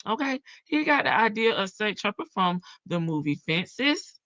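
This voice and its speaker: A woman's voice: medium pitch, very animated, moderate pace, a bit bright, dull audio. A woman with a country Southern drawl hosting a casual livestream, chatting, laughing and reading viewer comments. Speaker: livestream reaction host.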